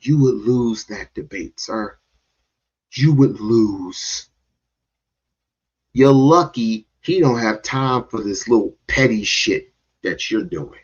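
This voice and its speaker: A man's voice: on the low side, lively intonation, takes it slowly, long pauses, breathy edge, highs cut off. A man giving heated, confrontational reaction commentary, cursing and repeating himself to drive points home.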